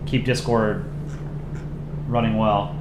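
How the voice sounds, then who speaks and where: A man's voice: lowish voice, flat delivery, takes it slowly. A man streaming live, chatting casually as he reviews fan art, rambling with frequent ums. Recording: echoey room with background noise.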